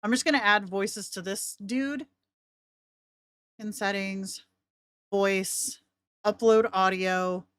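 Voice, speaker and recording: A woman walks viewers through a casual screen-share tutorial in a chatty, rambling way, laughing often. Her voice is mid-pitched, and the sound is dry and close. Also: fairly even intonation, slow pace, long pauses, fairly bright tone, clear, resonant tone, dry recording. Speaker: tutorial host.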